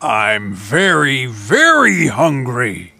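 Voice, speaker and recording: A storybook reader voicing a big, hungry male giant who roars slowly for his lunch. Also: medium pitch, sing-song, creaky, bright, forceful tone, no echo, heavily acted. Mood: hungry, demanding. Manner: slow, drawn-out roaring.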